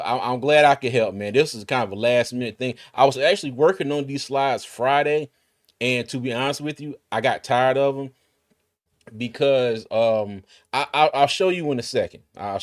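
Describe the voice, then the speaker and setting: A man's voice: mid-range voice, normal speed. A man hosting a casual sports live stream, laid-back and chatty, with many fillers and restarts. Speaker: sports podcast host.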